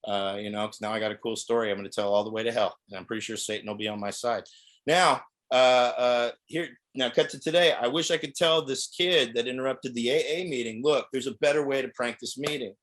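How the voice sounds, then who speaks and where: A man's voice: mid-range voice, a little fast, fairly bright tone. Rambling middle-aged male stand-up comic. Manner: rambling, self-interrupting delivery. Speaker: stand-up comedian. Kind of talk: stand-up set on a video call.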